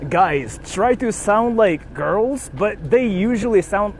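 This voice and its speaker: Lively, animated young man chatting. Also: sits high, takes it slowly, a little hiss or hum. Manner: animated, playful and sweary. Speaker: streamer. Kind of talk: casual live-stream chat reading donations.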